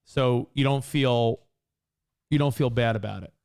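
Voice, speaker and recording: A man co-hosting a casual talk show, telling stories in an earnest, animated way. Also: medium pitch, a little slow, vocal fry, clear, resonant tone. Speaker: co-host. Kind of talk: casual radio-podcast banter.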